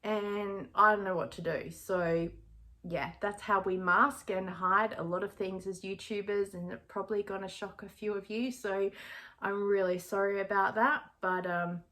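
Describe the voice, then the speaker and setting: A woman in her forties with an Australian accent, telling stories to her vlog audience in an animated, confiding way and laughing often. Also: mid-range voice, moderate pace. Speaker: YouTuber. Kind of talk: casual storytelling vlog.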